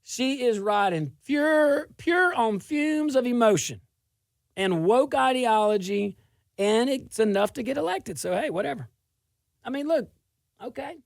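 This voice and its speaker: Gravelly sarcastic male talk host. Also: extremely high pitch, measured pace, no echo, clean studio sound. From South Louisiana. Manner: sarcastic, animated, laughing. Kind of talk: political commentary monologue.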